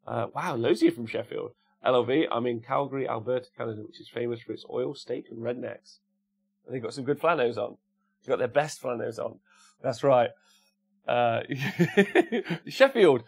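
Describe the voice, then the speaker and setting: Speaking at a moderate pace in a creaky, slightly rough mid-range voice, a Midlands-accented man from Cannock, England runs a casual livestream. He reads chat messages from his viewers and fires back jokes.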